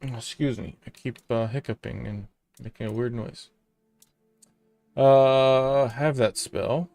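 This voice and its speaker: A man casually commenting on his own video game play, thinking aloud in a relaxed, offhand way. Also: medium pitch, takes it slowly, dry recording, faint music behind. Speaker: gamer.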